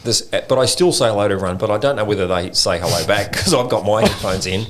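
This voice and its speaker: An Australian man co-hosting a podcast, chatting casually and telling animated stories with frequent laughter. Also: lowish voice, quick pace, a little hiss or hum. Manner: animated storyteller, laughs often. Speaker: podcast co-host. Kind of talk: casual chat.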